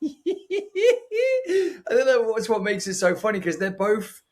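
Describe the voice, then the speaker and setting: A man co-hosting a casual film review podcast, enthusiastic and quick to agree. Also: extremely high pitch, wildly swooping pitch. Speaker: podcast co-host.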